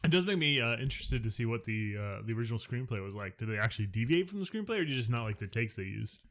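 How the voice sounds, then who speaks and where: A man's voice: mid-range voice, lively intonation, very fast, a bit bright. A man co-hosting a casual movie podcast, chiming in with wry, swearing asides and frequent laughter. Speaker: podcast co-host.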